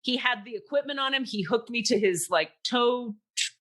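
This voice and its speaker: Animated, swearing woman telling a story. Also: a little high, moderate pace. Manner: animated, profane, acts out quoted voices. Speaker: podcast host. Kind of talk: casual storytelling chat.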